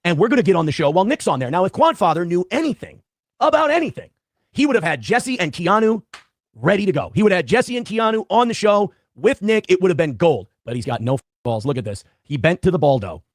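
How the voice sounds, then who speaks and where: A man's voice: high voice, very animated, fast talker, no room sound, clean studio sound. A man commenting in a played clip, sarcastic and mocking, mimicking others.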